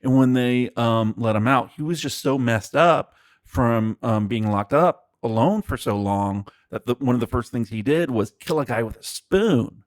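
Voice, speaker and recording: A man's voice: mid-range voice, expressive, normal speed, no echo. Man, podcast co-host, casual movie talk, rambling with fillers, dry close sound. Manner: rambling, many fillers and restarts.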